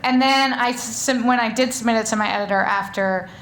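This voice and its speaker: A woman's voice: on the high side, brisk, fairly bright tone, a little hiss or hum. A woman author talking on stage before an audience, rambling in a chatty way with many fillers and restarts. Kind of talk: live stage conversation.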